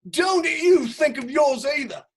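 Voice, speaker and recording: A woman's voice: high-pitched, unhurried. A woman playing a pompous, blustering male aristocrat official with a put-on upper-class English accent, in a comic stage reading. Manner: indignant, self-important, prone to outbursts. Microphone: home setup, remote quarantine recording.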